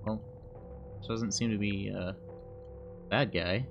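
A man's voice: on the low side, steady tone, takes it slowly, creaky, dull audio. A man streaming a game live, chatting and joking to himself as he plays, easily spooked. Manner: chatty, jokey reactions to a horror game, prone to startled yelps. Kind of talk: live gameplay commentary. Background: game music.

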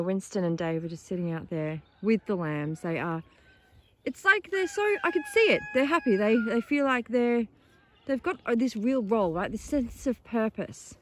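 A woman's voice: a little high, animated, normal speed, slight background noise. A woman keeping a farm sanctuary, chatting in a casual morning vlog outdoors and cooing at the animals in baby talk.

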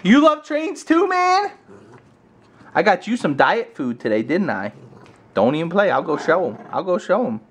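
An American man chatting casually with his toddler on camera, using playful baby talk and high, coaxing questions. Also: very animated, brisk, a little hiss or hum. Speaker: parent vlogger.

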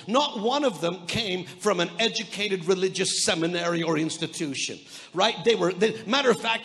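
A Canadian man in the pulpit, high in pitch, preaching an energetic sermon. He tells stories, acts out other people's lines, and trips over his words as he goes. His voice rings with the long reverb of a large church hall. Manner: energetic preaching with repeated restarts and stammers; storytelling, quoting voices of others. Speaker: pastor.

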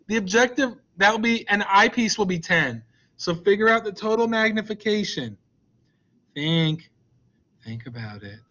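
A man's voice: sits high, animated, normal speed, sharp tone, lo-fi sound. A male science teacher leading an online class, joking with and coaxing his students. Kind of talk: online class with a slide deck.

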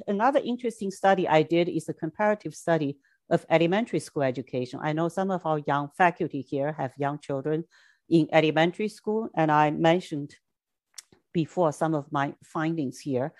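A middle-aged woman from China giving an academic lecture in short, measured phrases, with occasional Mandarin asides. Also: low voice, no echo. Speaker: education scholar giving a lecture. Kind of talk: academic talk with slides.

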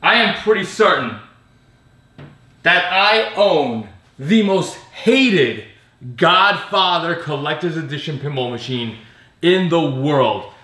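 A man talks through a loose, ranting vlog, sarcastic and quick to swear or laugh. His voice sits a little high and sounds bright and forceful. The room around him rings with a noticeable echo. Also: lively intonation. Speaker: pinball vlogger. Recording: roomy echo.

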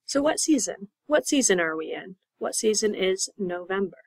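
Patient young female ESL teacher, clear and repetitive, mid-pitched voice, dry booth sound. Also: lively intonation, moderate pace, dry recording, poor audio. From United States. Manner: patient, repeats words and spells them out letter by letter. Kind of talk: slow, clear classroom explanation.

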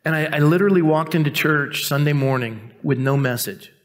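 This man, a pastor in his fifties, speaks a little high and a little fast as he delivers a sermon from the church sanctuary. He shares a personal story in a chatty, self-deprecating way, performing the voices of the people he quotes.

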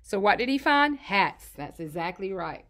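A woman's voice: medium pitch, big pitch swings, normal speed, fairly bright tone. A woman teaching phonics to young children, reading a storybook aloud and praising them in an encouraging, sing-song teacher voice. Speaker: kindergarten teacher.

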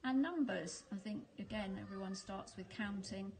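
A woman's voice: medium pitch, normal speed, a little mellow, a little hiss or hum, low-quality recording. A woman from the UK talking casually in a vlog, chatty and hesitant with frequent ums. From United Kingdom. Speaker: vlogger.

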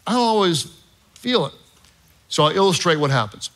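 A middle-aged man preaching from a church stage with a slightly raised pitch. He tells stories in an animated, self-deprecating way and jokes with the congregation. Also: normal speed. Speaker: pastor. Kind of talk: sermon with storytelling.

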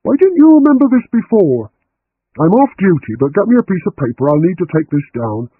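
A man's voice: sits high, big pitch swings, fairly quick, slightly rough, pitched above the performer's own voice, exaggerated voice. A man reading an audiobook, voicing a young male police detective who is matter-of-fact and exasperated. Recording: tinny phone-like line.

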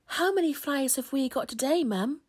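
A woman's voice: high-pitched, expressive, moderate pace, voice pushed up. A woman voicing a small, curious girl spider who keeps asking questions. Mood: eager. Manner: eager, questioning.

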